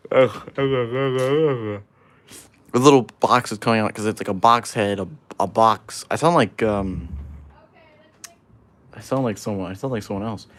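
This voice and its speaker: A man's voice: lowish voice, a little slow, a bit bright. A man hosting a casual livestream, rambling and joking as he reads chat aloud while building. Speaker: livestream host.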